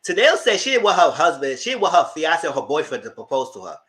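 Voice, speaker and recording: High, lively man dishing TV gossip. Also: fast talker. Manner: gossipy and dramatic, talks to the audience as "girl". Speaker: TV recap vlogger. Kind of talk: casual reality-TV recap commentary.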